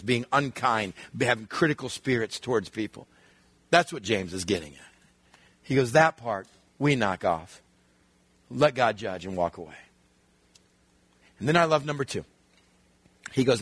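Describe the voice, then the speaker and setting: A man preaching a sermon in an animated way, acting out voices and sometimes shouting. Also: on the high side, husky, no echo. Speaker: pastor.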